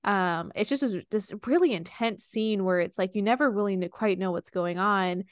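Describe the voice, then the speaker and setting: Casting note: young woman co-host, smooth clear voice, rambling fond retelling, dry close mic. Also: mid-range voice, normal speed, no room sound. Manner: rambling retelling with many fillers and restarts. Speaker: podcast co-host. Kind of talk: casual book discussion.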